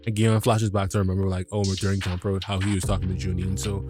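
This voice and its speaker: A man hosting a podcast, recapping an episode in a casual, excitable way, swearing freely and restarting his sentences. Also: low voice, fast, music in the background. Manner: animated, swears freely, many restarts and fillers. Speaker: podcast host.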